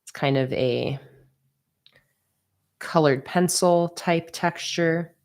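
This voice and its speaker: While drawing stickers on a livestream, a woman chats at a slow pace and reads out viewer comments with relaxed laughter. Her voice sits low and is a little mellow.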